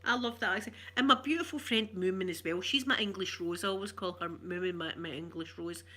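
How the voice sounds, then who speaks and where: Middle-aged Glaswegian woman, ASMR stream host, soft rambling chat, bright voice. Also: on the low side, a little fast. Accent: Glaswegian Scottish. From Glasgow, Scotland. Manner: soft-spoken, rambling, warm chatter with viewers. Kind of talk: chatty ASMR livestream.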